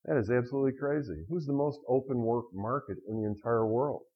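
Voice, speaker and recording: A middle-aged man lecturing on finance to a class, telling lively anecdotes and acting out quotes, in a dull lo-fi recording. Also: medium pitch, fairly quick, breathy edge. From United States.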